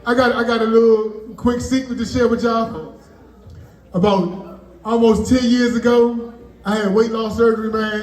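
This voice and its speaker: A comedian with a high voice works the room in a loose, chatty stand-up style. His voice bounces around an echoey room and sounds like it was picked up from well back. He keeps tagging his punchlines with a casual "man.". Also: darkish tone. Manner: loose, conversational punchlines, frequent "man" tags. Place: birthday party venue. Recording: echoey room, mic from far off.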